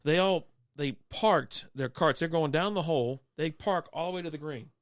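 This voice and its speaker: A man's voice: a little high, normal speed, no echo, studio quality. A young adult man co-hosting a casual chat, rambling through stories, acting out quotes and laughing often. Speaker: podcast co-host.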